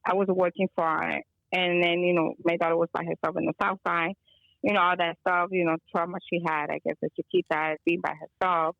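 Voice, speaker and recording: Her voice low, creaky, and flat, a Chicago woman speaks briskly as a phone-in guest, an energy healer telling a rambling story peppered with Spanish phrases during casual chat. The call recording is muffled, with no room sound.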